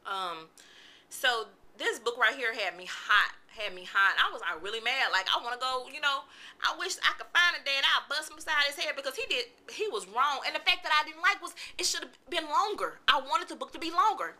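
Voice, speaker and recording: A woman, giving a chatty, animated book review in a casual vlog. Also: high voice, brisk. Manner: animated, chatty, vents with exclamations.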